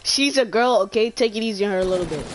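A woman in a casual gaming session, teasing the other players and breaking into laughter. Her voice sits at an ordinary middle pitch. Gunfire and clicks from the game come through clearly behind her. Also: expressive, fast talker, background noise. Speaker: gamer streaming online matches. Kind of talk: casual chat over game voice chat.

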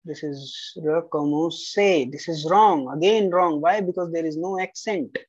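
Slow, blunt tutor correcting homework. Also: mid-range voice, no echo. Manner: blunt corrections, repeats key rules, spells out letters. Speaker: French tutor. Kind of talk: correcting a student's homework aloud. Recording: slightly dull lo-fi recording.

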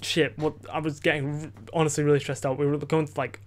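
A teenage boy rambles through a story on his home podcast, speaking quickly in a slightly high voice. He restarts sentences constantly, leans on "like" and "you know", and swears without thinking. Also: little pitch movement. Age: teens. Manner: rambling, many fillers and restarts, swears freely. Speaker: podcast host. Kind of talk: casual storytelling. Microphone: desk microphone.

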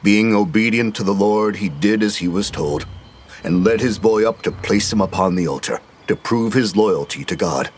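A zealous, middle-aged religious killer, played by a man, who recites scripture with solemn conviction. His voice sits very low and grave. This is an audio drama with faint background noise.

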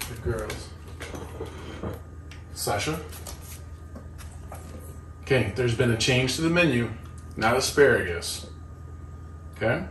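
A man's voice: mid-range voice, noisy background. A man talking to his dogs in a coaxing, sing-song way while he gets their lunch ready, first outdoors and then inside. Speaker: dog vlogger. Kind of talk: casual talk to his dogs. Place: outdoors in a yard, then indoors.

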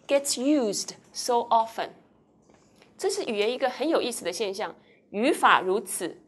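Woman, university lecturer, Taiwanese accent, bilingual lecture, quizzing the class, somewhat high voice. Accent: Taiwanese Mandarin. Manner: explains and quizzes students, switching between Mandarin and English. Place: lecture hall.

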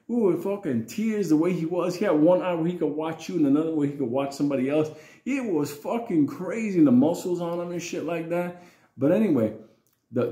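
A man telling a childhood story in a rambling, profane, animated way. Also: a little high, reverberant. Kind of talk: casual storytelling vlog.

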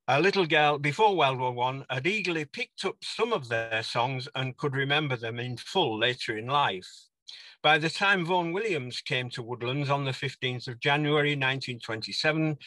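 Bright-voiced older man presenting research. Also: medium pitch, no room sound. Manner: sings song snatches in a put-on country dialect. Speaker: conference speaker. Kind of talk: presentation on folk song research.

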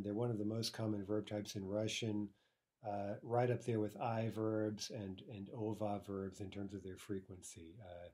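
A man's voice: lowish voice, mellow, breathy edge. A man teaching a recorded online language lesson, explaining step by step and often checking in with "right?".

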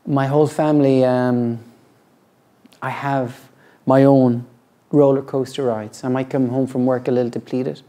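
A middle-aged man, a yoga teacher, talking reflectively and earnestly about his practice, halting often and restarting his sentences. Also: mid-range voice, level tone, mellow. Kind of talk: reflective personal talk.

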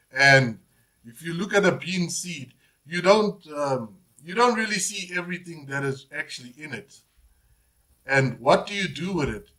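A man's voice: on the high side, a bit bright. A man, preaching a sermon as pastor, emphatic and repetitive, often saying "Praise God". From South Africa.

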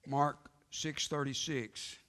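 A male pastor preaching a sermon emphatically, swinging between loud outbursts and hushed lines, with frequent amens. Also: on the high side, level tone, slow pace. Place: church sanctuary. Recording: reverberant church sanctuary broadcast.

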